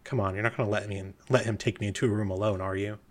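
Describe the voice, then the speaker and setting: A man's voice: fairly high pitch, big pitch swings, fast, fairly bright tone, voice pushed up. Man playing a shifty young guy, defensive, pleading, evasive, tabletop game.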